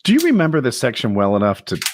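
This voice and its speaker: A man's voice: mid-range voice, wildly swooping pitch, quick pace, a little hiss or hum. A man co-hosting a podcast in casual chat, prompting the others with questions. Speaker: podcast co-host.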